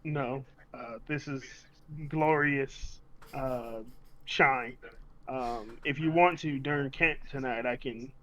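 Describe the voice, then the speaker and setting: A man voicing a gruff, hunched old sailor in his fifties who is vain about his polished head, talking in a deadpan, boastful way. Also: medium pitch, slow pace. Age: 50s.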